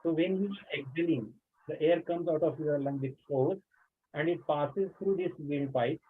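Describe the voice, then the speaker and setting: A man's voice: fairly high pitch, moderate pace, slight background noise. A man giving a webinar lecture to teachers, explaining patiently with many "uh" fillers. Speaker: teacher trainer. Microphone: video call. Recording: tinny phone-like online call audio.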